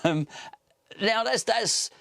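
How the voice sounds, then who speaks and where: A man hosts a football podcast alone, reading out news items and adding sarcastic asides. His voice sits fairly high for a man. The recording is dry and close, with no room sound. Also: expressive, slow pace, gravelly, a bit bright, no echo. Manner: wry and sarcastic, with frequent asides. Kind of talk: casual solo commentary, reading out news.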